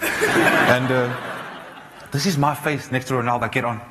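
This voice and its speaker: Animated man telling a story on a stage. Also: mid-range voice, moderate pace. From South Africa. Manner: animated, many restarts and fillers. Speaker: speaker. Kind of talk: live storytelling talk. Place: large auditorium. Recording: reverberant hall, faint noise.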